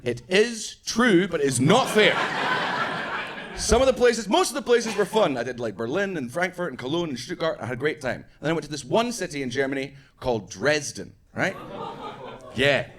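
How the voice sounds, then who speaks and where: A male Scottish stand-up comedian performs a set on a comedy club stage, telling stories animatedly and acting out characters in a high, lively voice at a moderate pace. The live crowd can be heard laughing.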